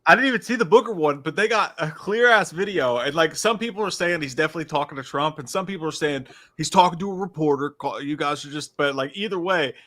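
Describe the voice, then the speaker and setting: A man co-hosting a casual podcast, telling stories in an animated way, laughing often and swearing freely. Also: on the high side, quick pace, hardly any pauses. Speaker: podcast co-host. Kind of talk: casual profane chat.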